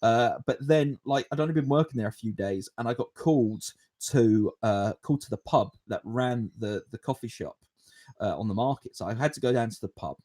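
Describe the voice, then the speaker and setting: This podcast host is a man in his twenties whose voice sits at medium pitch and moves fairly quickly. He tells a rambling story and takes viewer questions in a casual, animated way, chuckling often.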